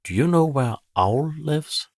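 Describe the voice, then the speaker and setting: A man's voice: fairly high pitch, animated, takes it slowly, pitched above the performer's own voice. A man voicing an anxious young male squirrel in a storybook, speaking with urgency. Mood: urgent. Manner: urgent, pleading.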